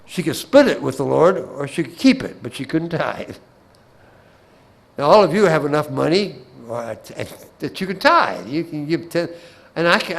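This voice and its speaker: A man's voice: on the high side, fairly bright tone, poor audio. A man giving a Bible class talk in a folksy way, with humorous anecdotes and asides, often repeating words as he restarts a phrase.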